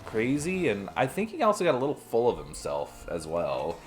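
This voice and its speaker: A man's voice: medium pitch, wildly swooping pitch, moderate pace, faint music behind. A young man chatting casually while streaming a game, telling rambling stories and laughing often. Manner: rambling anecdotes, frequent laughter.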